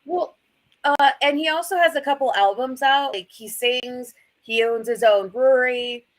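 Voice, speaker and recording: A woman chatting casually as a panelist, eager and quick to jump in and correct the others. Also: sits high, rough recording. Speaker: podcast panelist. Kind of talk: casual chat.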